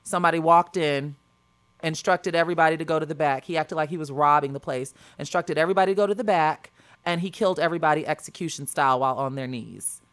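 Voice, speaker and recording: A young adult woman co-hosting a casual podcast chat, telling stories earnestly with quick restarts. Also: low voice, clean tone. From Chicago area. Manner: earnest, rapid storytelling with restarts. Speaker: podcast co-host.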